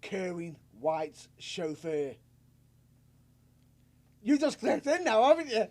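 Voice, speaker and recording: Giggly high-voiced man. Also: slow. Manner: laughs often, excitable, repeats himself. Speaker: podcast co-host. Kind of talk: casual wrestling chat.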